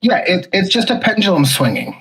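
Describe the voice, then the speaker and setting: A husky-voiced podcast co-host chatting casually. The pitch swings in an animated way, and the talk rambles, full of "like" and frequent laughter. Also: fairly quick, rough recording. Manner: rambling, heavy use of "like"; laughs often. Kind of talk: casual chat.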